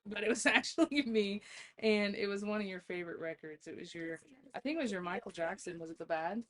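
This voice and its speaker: A woman's voice: medium pitch, fairly quick. A woman guest on a podcast, telling stories in a casual chat, laughing often and swearing freely.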